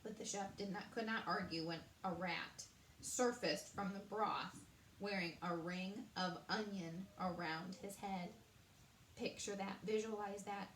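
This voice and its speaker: A woman reading a children's story aloud in an animated way, adding chatty asides to her listeners, in a roomy space. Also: lowish voice, slight background noise. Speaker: storybook reader. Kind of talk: read-aloud narration with commentary. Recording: roomy echo.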